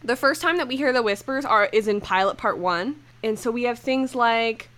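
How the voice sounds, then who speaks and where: A woman's voice: fairly high pitch, expressive, moderate pace, few pauses, fairly bright tone. A young woman co-hosting a casual podcast, chatting loosely with many fillers and reading quoted lines aloud. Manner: chatty, reads quotes aloud, frequent "like" and laughs. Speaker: podcast co-host.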